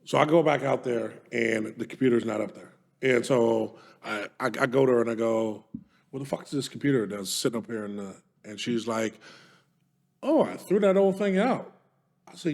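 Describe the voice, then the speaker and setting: A man's voice: medium pitch, moderate pace, creaky, a little mellow. A man co-hosting a podcast, telling stories in casual chat, swearing often and speaking with emphasis. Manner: profane, storytelling, emphatic. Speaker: podcast co-host.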